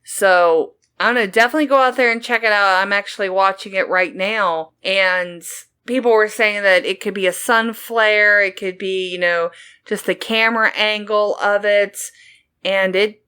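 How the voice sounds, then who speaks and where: A woman co-hosting a podcast, reading news stories in a hesitant, halting way, giggling often. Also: medium pitch, steady tone, bright, forceful tone, smooth. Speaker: podcast co-host.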